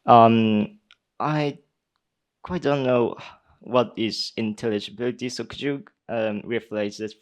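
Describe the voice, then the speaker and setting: Slow, halting young man. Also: mid-range voice, steady tone. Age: young adult. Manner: halting, many pauses and fillers. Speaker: speech contestant answering judges. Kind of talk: live Q&A answers.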